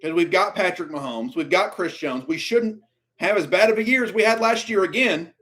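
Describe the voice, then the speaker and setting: A man with a high-pitched voice rants through a live draft reaction stream. He mutters low and grumbling, then bursts out louder in exasperation. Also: moderate pace. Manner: exasperated ranting, swings from muttering to outbursts.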